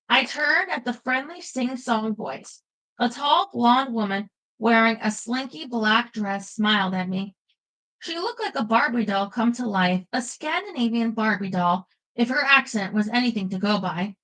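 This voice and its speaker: A woman giving a lively first-person audiobook narration. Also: fairly high pitch, unhurried, rough recording.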